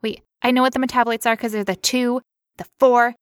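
A woman's voice: on the high side, level tone, a little fast, clear, resonant tone, dry recording, studio quality. A woman co-hosting a health podcast, teasing her partner and acting out silly bits. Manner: jokey, teasing, acts out silly scenes. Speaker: podcast co-host. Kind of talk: playful health chat.

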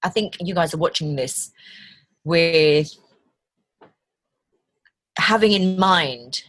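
British voiceover lady chatting away, slightly low and husky, dry close sound. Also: slow, dry recording. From Britain. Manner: chatty, animated storytelling with quoted voices. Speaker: voice actor guest. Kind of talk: conversational interview.

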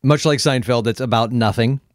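A male podcast co-host talks casually with his partner and keeps the banter playful and joking. His voice sits at a middle pitch and sounds dry and close. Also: normal speed, no room sound. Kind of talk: casual chat.

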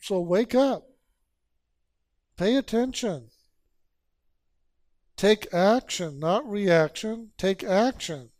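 A man's voice: sits high, darkish tone, no room sound, clean studio sound. A man giving a spiritual sermon as a teacher, urging listeners with repeated phrases and rhetorical questions. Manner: slow, repetitive exhortation with rhetorical questions.

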